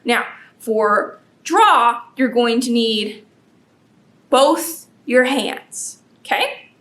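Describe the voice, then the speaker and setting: A woman leading a children's storytime as librarian, animated and gasping with exaggerated delight for the kids. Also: a little high, very slow.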